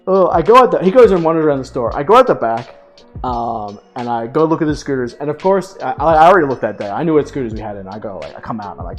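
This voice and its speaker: Lively young man telling a story. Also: a little high, fairly quick, faint music behind. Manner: animated, laughing, swearing. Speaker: streamer. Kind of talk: casual storytelling to chat.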